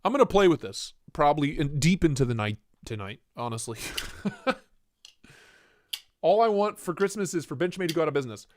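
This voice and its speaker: A man's voice: fairly high pitch, very animated, fairly quick, long pauses, dry recording. A man hosting a casual livestream, joking and reading chat aloud in a playful way. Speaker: livestream host.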